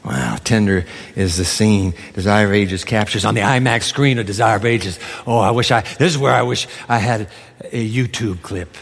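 A man's voice: fairly low pitch, normal speed, slightly rough. A man preaching a sermon from the pulpit, acting out biblical dialogue in different voices. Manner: animated, acts out biblical dialogue. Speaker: pastor. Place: large church hall. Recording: reverberant church hall.

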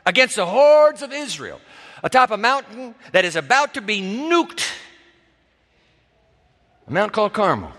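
A man's voice: high-pitched, sing-song, unhurried, long pauses, fairly bright tone. A male pastor preaching a dramatic sermon in a church, acting out the voices he quotes. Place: church sanctuary. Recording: reverberant hall.

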